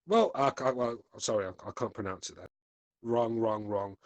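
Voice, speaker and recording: A man's voice: on the low side, normal speed, no room sound. A man hosting a podcast, reading live chat with laid-back, crude, mocking banter. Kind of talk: casual live-stream chat.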